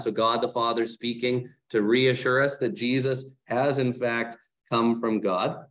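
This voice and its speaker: A man's voice: medium pitch, a little slow, hardly any pauses. A man leading a Bible study, explaining the text in a conversational way, often asking the group questions and correcting himself as he goes. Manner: fillers and self-corrections while explaining. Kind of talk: casual teaching talk.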